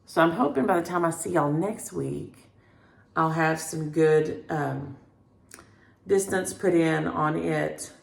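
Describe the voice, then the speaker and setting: Middle-aged woman vlogging her stitching at home, low and gravelly, rambling and chatty, echoey room. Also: takes it slowly. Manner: rambling, chatty, talks to her cats between thoughts. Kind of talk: casual chat.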